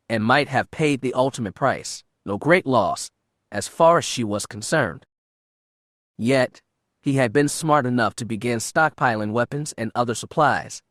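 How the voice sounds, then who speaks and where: A man narrating an unabridged science-fiction audiobook in a steady, measured way. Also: medium pitch, dry recording, studio quality. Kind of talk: scripted narration.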